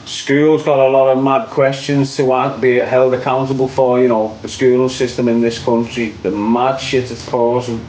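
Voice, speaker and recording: A man's voice: medium pitch, flat delivery, moderate pace, few pauses, darkish tone, a little hiss or hum, rough recording. A young man with a Liverpool accent, ranting opinions on his online show in a casual, repetitive way, ending lines with "mate". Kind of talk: casual livestream rant.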